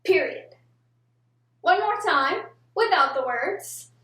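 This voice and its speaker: Young woman teaching kids movement, super high voice, really slow and careful, echoey room. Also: lively intonation, fairly bright tone. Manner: slow, deliberate, word-by-word teaching. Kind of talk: children's movement lesson. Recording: echoey room, mic far off.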